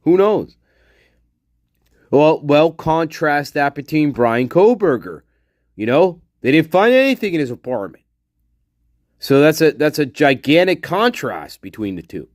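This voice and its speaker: Male streamer, angry profane rant, higher voice swinging widely in pitch, close and dry sound. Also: very animated, unhurried, long pauses, no echo. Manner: muttering while reading chat. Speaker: livestream host. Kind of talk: casual livestream chat.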